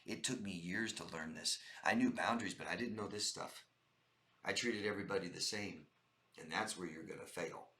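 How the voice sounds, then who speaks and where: Emphatic male life coach, bright voice. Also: sits low, moderate pace, roomy sound. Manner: emphatic and repetitive, addresses viewers as "guys". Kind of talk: direct-to-camera advice monologue.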